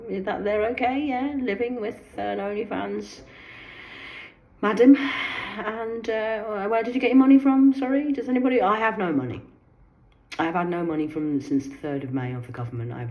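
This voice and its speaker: An older woman delivering a rambling personal monologue in her garden, agitated, swearing and swinging between low muttering and sharp outbursts. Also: rough recording. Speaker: vlogger. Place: sitting in her garden outdoors.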